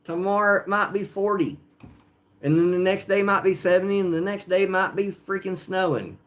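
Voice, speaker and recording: A man with a rural Oklahoma country drawl, talking to his livestream chat in a loose, rambling way and filling the gaps with frequent hesitations. His voice sits a little higher than most men's. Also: moderate pace. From Oklahoma, USA. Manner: rambling, filler-heavy, talking to chat viewers. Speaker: slot machine livestreamer.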